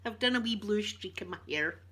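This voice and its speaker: Lively intonation and a fairly quick pace mark this woman's mid-range, slightly bright voice, which carries a Scottish accent. An ASMR streamer, she chats casually with viewers, telling stories and often laughing.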